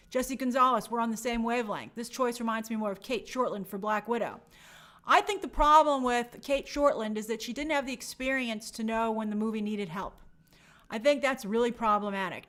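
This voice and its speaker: Woman, movie news host, casual commentary, opinionated, slightly high voice. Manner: chatty, opinionated, animated asides. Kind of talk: casual commentary reading live chat.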